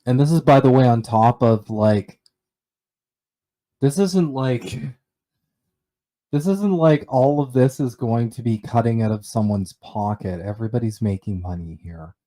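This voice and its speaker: A man co-hosts a casual talk podcast at an ordinary mid pitch. His talk is loose, full of fillers and curses, with a sardonic edge. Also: unhurried, dark tone. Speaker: podcast co-host. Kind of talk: casual chat.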